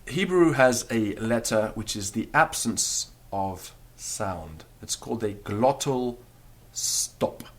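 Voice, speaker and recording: Guy with a lowish voice teaching a language class on tape, patient, walks you through stuff and says the sounds out loud. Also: lively intonation, slow pace, few pauses. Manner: patient, explanatory, demonstrates sounds aloud. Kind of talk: recorded language lesson.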